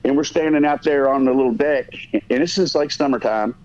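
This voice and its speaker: A podcast host tells a long story in a loose, profane, rambling way, often stopping and restarting. His medium-pitched voice is a touch fast with a darkish tone, and the lo-fi audio sounds dull.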